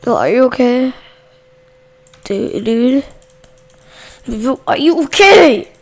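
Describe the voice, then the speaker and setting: A woman with a fairly high voice and a gravelly, fry-laden edge talks slowly through casual let's-play commentary. She chats to her viewers between moments of yelling at game characters. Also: lively intonation. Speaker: gaming channel host.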